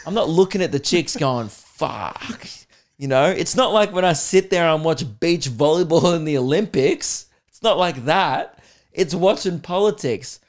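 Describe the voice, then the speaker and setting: This young Australian podcast host and comedian has a voice on the high side and an animated delivery at normal speed. He rants casually and crudely, full of sarcasm and punctuated by laughs.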